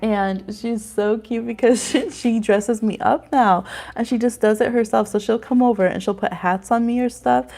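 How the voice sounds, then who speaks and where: A woman's voice: a little high, steady tone, normal speed, vocal fry, darkish tone. A woman hosting a live astrology reading stream, chatting casually and rambling with frequent laughter.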